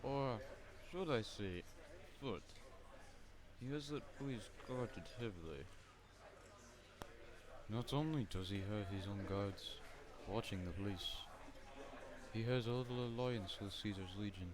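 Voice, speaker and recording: A sly male fixer with a put-on Russian accent, as a man voices him for a game mod. His voice sits low and his delivery is quiet and unhurried, like a man who always names a price. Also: crowd noise, natural voice.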